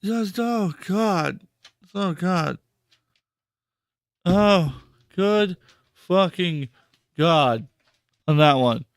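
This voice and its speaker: A man's voice: sits high, lively intonation, extremely slow, long pauses, clear, resonant tone, no echo, clean studio sound. A man hosting a live stream, talking casually and repeating himself in disbelief, stammering for words. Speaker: podcast host and streamer.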